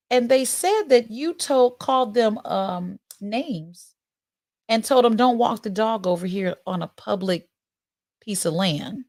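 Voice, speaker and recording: A woman in her forties putting on the voice of an overly polite, proper middle-aged woman, speaking softly and in a measured way. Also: fairly high pitch, no echo, clean studio sound. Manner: overly courteous, soft and measured.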